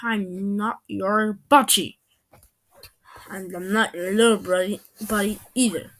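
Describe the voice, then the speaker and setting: A sore-losing big brother in a storybook, sulky and indignant, firing back at his sibling, as a woman reads his lines. The delivery is unhurried, with each protest drawn out. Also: medium pitch, steady tone, fairly bright tone. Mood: shouting.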